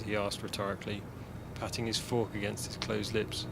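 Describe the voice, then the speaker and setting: A man's voice: on the low side, level tone, normal speed, creaky, background noise. A man reading a personal short story aloud in a dry, matter-of-fact way. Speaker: story reader. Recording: music bed under voice.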